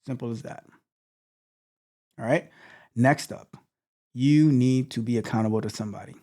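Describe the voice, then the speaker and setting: A man's voice: mid-range voice, moderate pace, dark tone. A man coaching viewers in a blunt motivational talk, restarting words often and repeating his points. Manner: blunt, repetitive, stammering restarts. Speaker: tech coach.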